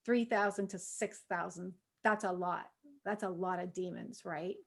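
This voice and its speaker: A middle-aged woman leading a women's Bible study in a relaxed, conversational way. She uses lots of "you know" fillers and bursts out loudly when she acts out quotes. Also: fairly low pitch, unhurried, gravelly.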